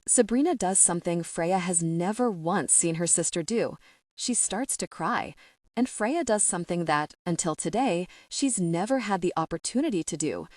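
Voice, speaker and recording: A woman narrating a young adult audiobook in a measured, steady storytelling voice on a close studio mic. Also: on the low side, dry recording. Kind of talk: scripted narration.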